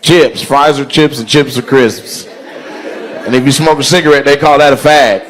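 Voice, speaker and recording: A man doing stand-up crowd work on a club stage, loud, slangy and laughing as he talks into a handheld mic. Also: medium pitch, steady tone, moderate pace. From Midwest United States. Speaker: stand-up comedian. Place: comedy club stage before a live audience.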